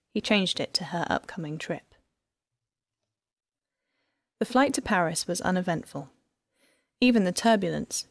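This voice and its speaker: A woman narrating an audiobook in an even, measured storytelling manner. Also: on the low side, dry recording. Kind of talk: scripted narration.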